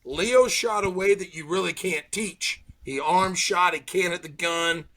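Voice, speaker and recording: Speaking a bit slowly in a high-pitched voice, a middle-aged man spins stories during a relaxed conversation. He brings the tales to life by performing other people's quotes.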